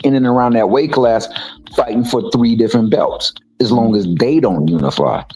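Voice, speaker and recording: A man's voice: medium pitch, moderate pace, darkish tone, rough recording. A man co-hosting a casual boxing talk show, making his points emphatically and often repeating words. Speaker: co-host.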